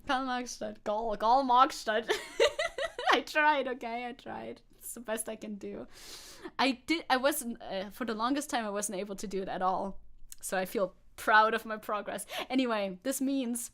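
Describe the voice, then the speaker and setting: A woman's voice: a little high, moderate pace, fairly bright tone. A woman VTuber chatting sarcastically through news on a livestream, laughing often. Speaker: VTuber streamer.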